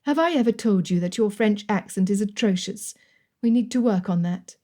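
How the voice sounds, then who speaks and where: A woman's voice: mid-range voice, moderate pace, dark tone, close to an everyday voice. A woman voicing a spirited young French dressmaker woman who speaks pertly and forthrightly. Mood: teasing. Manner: pert, forthright.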